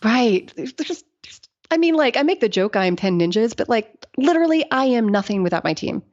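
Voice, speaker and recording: A woman's voice: fairly high pitch, big pitch swings, a little fast, a little mellow. A middle-aged woman engineer, a podcast guest, telling stories in casual talk, laughing often and acting out the people she quotes. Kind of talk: casual interview storytelling. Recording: dull lo-fi podcast audio.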